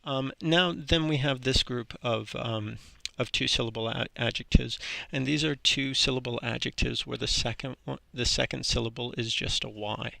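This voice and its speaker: A man teaches an English grammar lesson in a very gravelly, bright, mid-range voice. His delivery is relaxed and halting, full of ums and restarts. The recording is dry and close, with no echo.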